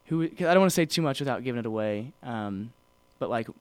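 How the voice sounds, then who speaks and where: This is a man with a smooth, clear voice, co-hosting a podcast in a loose, rambling way, full of ums and restarts. He sounds close and dry, with no room around him. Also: medium pitch, lively intonation, fast talker, no echo. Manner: rambling, many fillers and restarts. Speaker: podcast co-host. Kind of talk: casual chat.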